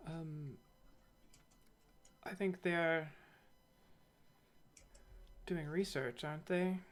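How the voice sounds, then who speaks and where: Hesitant, soft-spoken player in casual tabletop game chat. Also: medium pitch, extremely slow, faint music behind.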